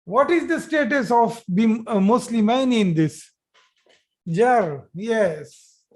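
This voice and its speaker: A very high, expressive male voice guides a live Arabic grammar class via video call. He repeats phrases at a slow pace and offers praise as his students answer.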